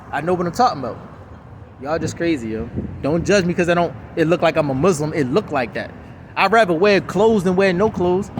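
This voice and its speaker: A man's voice: high-pitched, background noise. A man, preaching a heated rant to camera in a fired-up, repetitive way. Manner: fired-up, preachy, repeating catchphrases. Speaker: vlogger.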